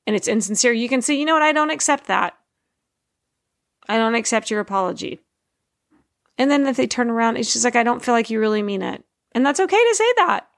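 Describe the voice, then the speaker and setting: A middle-aged woman speaks earnestly in a relaxed, conversational way about faith, leaning into key words by slowing down. Her voice has a gravelly, creaky edge. The sound is close and dry, with little room in it. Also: fairly high pitch, no echo. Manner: earnest, conversational, slows to stress points. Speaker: Christian speaker, parent. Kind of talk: informal faith talk.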